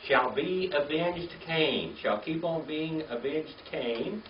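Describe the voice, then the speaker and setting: An older man teaching a classroom Hebrew reading lesson, patient and slow, spelling words out letter by letter. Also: fairly high pitch, lively intonation, a little hiss or hum. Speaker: Bible language teacher. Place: classroom with a small group. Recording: echoey, distant, dull lo-fi room recording.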